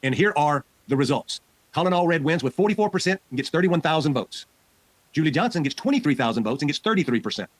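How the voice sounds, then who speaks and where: A male podcast host talks at a breakneck clip, loose and casual, with a little swearing mixed in. His voice sits a bit high, and the sound is dry and close to the mic. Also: lively intonation, fast talker, no room sound. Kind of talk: casual political podcast chat.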